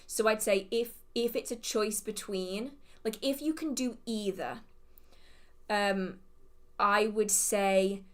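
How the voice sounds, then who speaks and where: A woman's voice: mid-range voice, slow. A woman with a modern received pronunciation English accent, hosting a live witchcraft Q&A in a rambling, think-aloud way. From England. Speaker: witchcraft channel host. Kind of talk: live Q&A chat.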